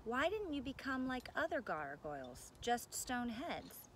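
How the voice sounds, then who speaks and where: Woman narrator doing storybook heroine, young girl, firm and earnest, lifted pitch. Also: sing-song, slight background noise. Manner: earnest, firm, quick to question.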